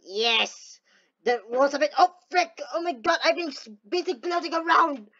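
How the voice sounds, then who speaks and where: A woman giving casual gameplay commentary, talking to herself excitedly and slipping into playful theatrical gloating. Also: high-pitched, moderate pace, highs cut off. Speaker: gaming video host.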